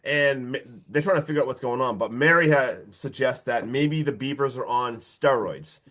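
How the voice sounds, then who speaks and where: A man co-hosting a podcast, recapping a horror movie in casual, excitable chat full of fillers and mild swearing. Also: medium pitch, moderate pace. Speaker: podcast co-host.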